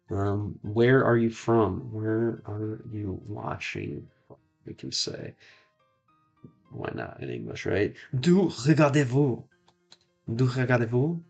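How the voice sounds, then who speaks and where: A mid-range male voice with vocal fry, a darkish tone and slight roughness belongs to an American streamer learning French. During casual gameplay chat he speaks haltingly, trying phrases out and often stopping to repeat himself.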